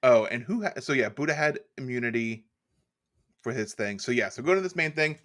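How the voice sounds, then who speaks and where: A man's voice: mid-range voice, a little fast. A young man co-hosting a podcast in casual, jokey chat. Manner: jokey, animated, slips into put-on British voices. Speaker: podcast co-host.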